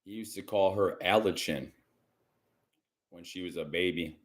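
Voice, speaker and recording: A man hosting a casual psychic reading livestream from home, rambling and chatty and often clearing his throat. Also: sits low, measured pace. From Michigan. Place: indoors at home.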